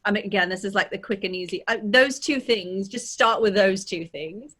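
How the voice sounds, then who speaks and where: A woman's voice: medium pitch, normal speed, fairly bright tone. A woman dialect coach on a video call, explaining accent sounds step by step in a casual teaching chat. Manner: demonstrative, talks through sounds step by step.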